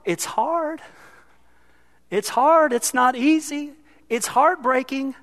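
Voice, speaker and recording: A man preaching a sermon as pastor, heartfelt and earnest, repeating his phrases and building to loud, emphatic passages. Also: very high-pitched, big pitch swings, moderate pace.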